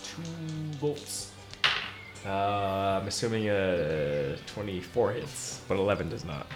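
A man's voice: deep voice, slow pace, reverberant, music in the background. A man playing a tabletop game, laid-back as he reads out his rolls. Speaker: player. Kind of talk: casual tabletop game chat.

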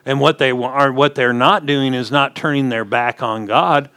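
Male pastor, mid-pitched, folksy sermon storyteller with emphatic swells. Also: fairly even intonation, moderate pace, pushed and bright, clean tone. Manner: folksy storytelling preacher, rising emphatic punches.

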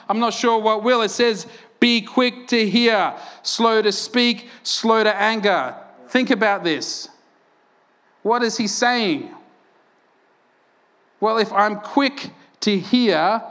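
A male pastor preaching a sermon to his church, animated, with rhetorical questions and frequent laughter. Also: high voice.

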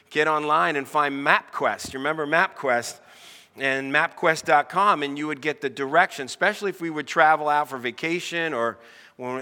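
A middle-aged American pastor delivers a sermon in a bright, forceful voice that sits a little high for a man. He talks in an easy, conversational way and keeps putting questions to the congregation. His words ring out with a long reverb across a church hall.

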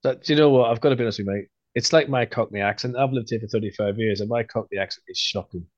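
A man's voice: fairly low pitch, racing, no room sound. A man hosts a casual podcast and teases his guests in joking banter. His voice is dry and a little dull, as on a video call. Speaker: podcast host.

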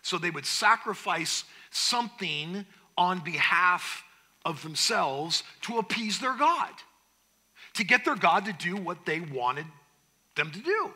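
Guy preaching, very bright ringing voice, a bit high, storytelling w big loud-to-quiet swings. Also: sing-song, slow. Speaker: pastor. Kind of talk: sermon.

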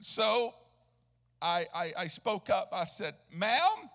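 High gravelly evangelist preacher. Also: male voice, slow pace, fairly bright tone, long reverb tail. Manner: rambling storytelling with restarts, rising into chanted preaching cadence. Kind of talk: sermon storytelling. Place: church sanctuary.

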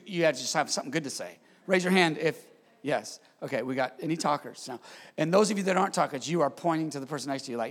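A man preaches a sermon with energy, dropping joking asides and calling on the congregation for amens. His voice sits high and raspy, with a gravelly edge and breathiness. The sound carries a long reverb from the church hall. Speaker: pastor. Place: church sanctuary.

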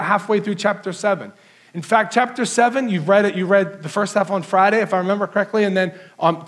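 A pastor giving an earnest sermon, telling a personal story in a conversational way with many fillers. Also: male voice, sits high.

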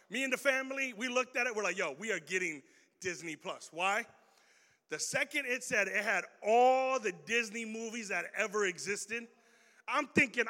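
High, bright-voiced youth pastor in a hall. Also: male voice. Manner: casual and slangy, quizzing the audience. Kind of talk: youth sermon. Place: large hall with audience. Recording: reverberant hall.

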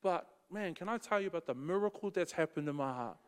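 A man's voice: high voice, animated, fast talker, clean tone, big-room sound. A man preaching in a casual, slangy storytelling way. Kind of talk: storytelling sermon.

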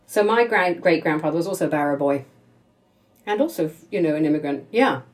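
A woman's voice: low voice, lively intonation, a little fast. A woman interviewing a guest in conversation, emphatic and effusive.

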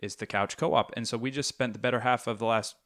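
A man's voice: mid-range voice, fast. A young man co-hosting a casual podcast, telling long rambling stories with lots of fillers. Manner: rambling, animated storytelling with fillers. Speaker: podcast co-host. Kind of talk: casual chat.

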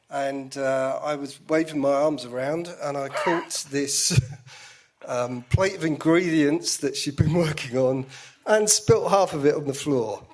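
A man speaking as a guest in a candid conversation, self-deprecating and jokey. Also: fairly high pitch.

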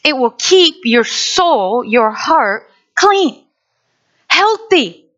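Woman pastor, sermon, bright and sharp tone, dull lo-fi recording. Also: high voice. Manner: animated, acts out quick voices. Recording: dull lo-fi sound.

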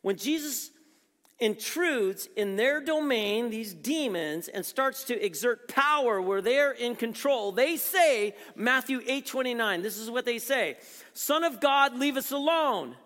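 Pastor, man, high-pitched, preaching in a big reverberant sanctuary; punchy rhetorical questions, drops to near-quiet for weight. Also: animated, measured pace. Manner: rhetorical questions, swings between emphatic and hushed. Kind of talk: sermon. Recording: long reverb from a large hall.

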